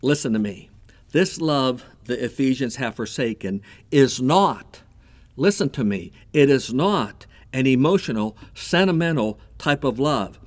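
A man preaching a sermon, animated and repeating himself as he builds his point. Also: medium pitch, a little slow. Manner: animated preaching with repetitions and a told joke. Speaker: pastor.

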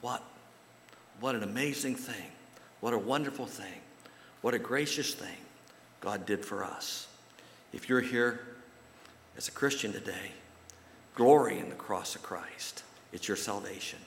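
A man's voice: lowish voice, unhurried, vocal fry, long pauses, a little hiss or hum. A man from the United States preaching a sermon and telling a personal story in a folksy way. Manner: folksy storytelling, animated when quoting others. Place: church sanctuary. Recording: roomy echo with long hall reverb.

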